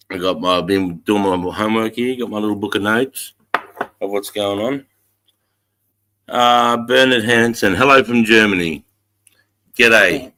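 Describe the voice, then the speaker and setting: A man's voice: fairly low pitch, bright, forceful tone. A middle-aged Australian man hosting a casual livestream, greeting viewers in a laid-back, sweary way. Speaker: livestream host.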